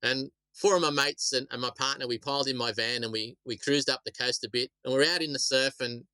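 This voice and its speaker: A man's voice: medium pitch, steady tone, brisk, bright, forceful tone, no room sound, low-quality recording. A middle-aged Australian man, a shark attack survivor, telling stories casually in a rambling way, often repeating words. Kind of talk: casual storytelling interview.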